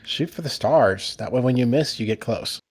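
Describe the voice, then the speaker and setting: A man voicing a calm, caring companion who gently reassures a friend in a tabletop role-play. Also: mid-range voice, moderate pace, husky, dry recording, clean studio sound. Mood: reassuring.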